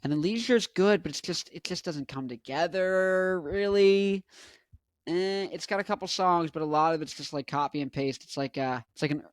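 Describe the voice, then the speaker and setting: Excitable young man, dry close sound. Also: fairly high pitch, moderate pace, dry recording. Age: 20s. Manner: excitable, jokey, sings snatches and does mock accents. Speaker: vlogger. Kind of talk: casual chat. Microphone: handheld mic.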